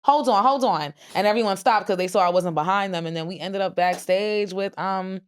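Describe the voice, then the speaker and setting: Animated, profane woman telling stories. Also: mid-range voice, fairly quick, clean tone. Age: 30s. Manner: animated storyteller, profane and slangy, acts out quotes. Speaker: podcast co-host. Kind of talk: casual podcast chat.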